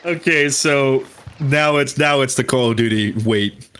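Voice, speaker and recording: A man's voice: medium pitch, unhurried, fairly bright tone, clear, resonant tone. A young man co-hosting a gaming stream, teasing and coaching the player with plenty of swearing. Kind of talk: casual gaming stream chat.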